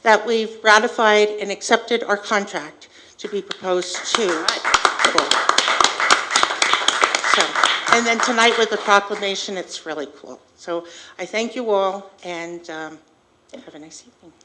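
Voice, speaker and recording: A woman's voice: mid-range voice, unhurried, very noisy. A woman, a union chapter representative, giving a chatty and upbeat report at a board meeting from a podium microphone, with frequent fillers.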